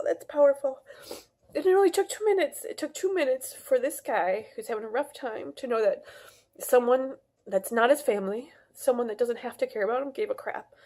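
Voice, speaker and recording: A woman's voice: a little high, darkish tone. A woman talking earnestly to camera in a casual, rambling monologue, full of restarts and fillers, as a wellness vlogger.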